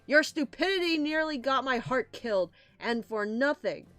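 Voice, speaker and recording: A woman's voice: animated, moderate pace, fairly bright tone, no echo, faint music behind. Woman voicing a furious rabbit mother. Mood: scolding. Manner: shrieking, high and frantic. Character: furious rabbit mother protecting her daughter.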